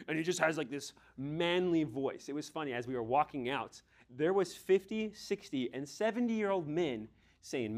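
A male preacher delivering a sermon with a voice pitched a little above most men's. He presses his points hard, rising to loud emphasis, then drops to a hushed near-whisper. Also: animated, normal speed.

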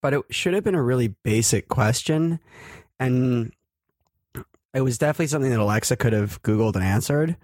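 A man's voice: mid-range voice, a little fast, darkish tone, no echo, clean studio sound. A man co-hosting a casual tech podcast, rambling with hesitant ums. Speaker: podcast co-host.

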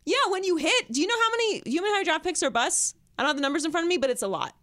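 A woman's voice: very high-pitched, expressive, racing, a bit bright. A woman co-hosting a sports podcast in casual talk, emphatic and opinionated, her voice jumping up when she makes a point.

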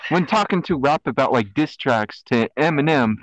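A man's voice: mid-range voice, animated, normal speed, no echo. A young man hosting a casual podcast chat, rambling with lots of fillers and laughing often. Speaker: podcast host. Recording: dull lo-fi dry sound.

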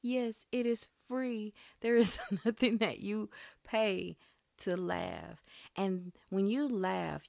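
A woman's voice: on the low side, gravelly, a little mellow, no room sound. A woman hosting her own podcast, talking in an earnest, chatty and encouraging way. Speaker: podcast host. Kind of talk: casual solo podcast talk.

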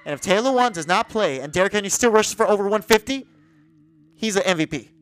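Man, podcast co-host, casual sports talk, animated, swears, faint music behind. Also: high-pitched, quick pace, rough recording. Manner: animated, swears, argues picks.

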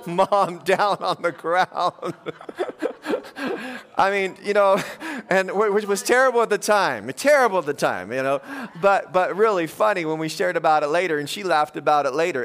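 Telling funny stories to his congregation, this pastor preaches in a conversational, joking storyteller's manner. His voice sits high, with a fairly bright tone.

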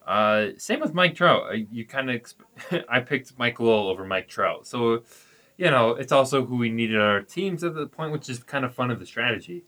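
A man's voice: medium pitch, animated, moderate pace, sharp tone. A man co-hosting a sports podcast, talking in an easygoing, rambling way with fillers. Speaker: podcast co-host. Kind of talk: casual sports chat.

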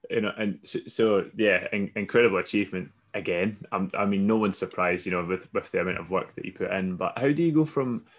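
A man interviewing an athlete, asking questions in a relaxed, admiring way. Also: low voice, fairly quick, hardly any pauses.

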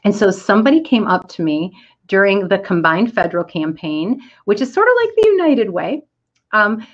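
A woman's voice: medium pitch, sing-song, normal speed, highs cut off. A middle-aged woman giving an inspirational storytelling talk to an online audience, candid and self-deprecating.

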